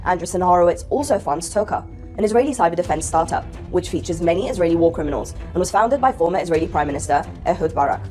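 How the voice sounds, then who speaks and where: A woman reading a scripted news report in a crisp, even way. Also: on the low side, fast, faint music behind. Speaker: news narrator.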